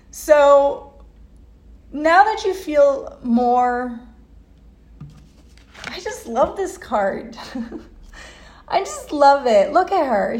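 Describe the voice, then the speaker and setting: Woman tarot reader, blunt, emotional, swears a lot; highish voice, roomy home recording. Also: darkish tone. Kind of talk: casual tarot reading. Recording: echoey room.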